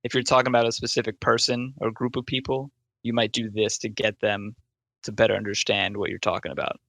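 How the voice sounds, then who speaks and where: A man's voice: lowish voice, flat delivery, fairly quick, gravelly, fairly bright tone, no echo. A man co-hosting a casual podcast, patiently explaining the clues of a game. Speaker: podcast co-host running a game.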